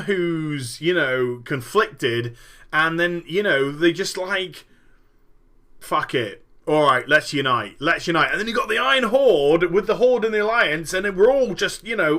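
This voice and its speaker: A man hosting a gaming show, giving animated, profane solo commentary and telling his story vividly. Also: on the high side. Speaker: gaming podcast host.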